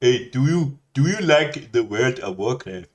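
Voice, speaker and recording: A man voicing an eager, friendly male online gamer buddy with an exaggerated put-on accent and halting delivery. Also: medium pitch, lively intonation, natural voice.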